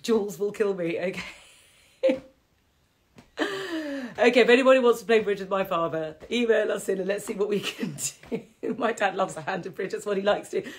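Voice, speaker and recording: Chatty middle-aged woman leading a qigong class, rambly, laughs a lot. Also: mid-range voice. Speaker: qigong teacher and health host. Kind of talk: casual live-streamed movement class.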